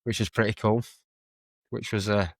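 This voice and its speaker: A man's voice: lowish voice, little pitch movement, normal speed, dry recording. Rambling man, dry mic. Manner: rambling, self-correcting storyteller. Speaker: guest streamer and musician. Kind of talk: casual podcast chat.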